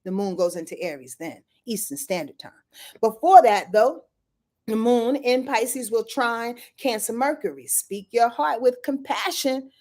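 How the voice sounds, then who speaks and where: A woman's voice: a little high, lively intonation, unhurried, darkish tone. A woman astrologer giving a casual, slangy weekly forecast, talking straight to her viewers, swearing and laughing now and then.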